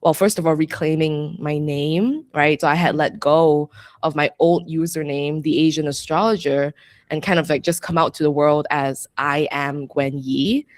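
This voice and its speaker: A woman's voice: low voice, fairly even intonation, normal speed, dry recording. A young adult woman, a podcast guest and astrologer, chatting reflectively with lots of "like" and frequent laughter. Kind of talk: casual interview chat.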